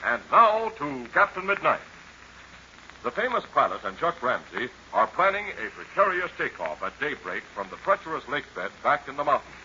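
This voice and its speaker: A man announcing a 1930s radio serial, folksy and peppy in the sponsor pitch. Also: very animated, normal speed, sharp tone, a little hiss or hum. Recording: muffled old radio recording.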